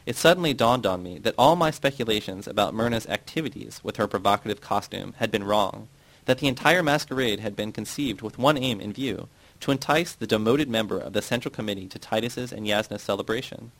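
A man reading a first-person audiobook narration in a measured, even way. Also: on the low side, poor audio.

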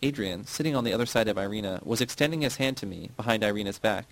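Gravelly man narrating an audiobook. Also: lowish voice, fast, low-quality recording. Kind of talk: first-person audiobook narration.

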